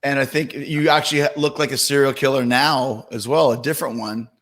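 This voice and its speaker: A man co-hosting a podcast in casual chat, halting and hunting for words. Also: medium pitch, steady tone, a bit bright. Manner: halting, hunts for words with fillers. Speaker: podcast co-host.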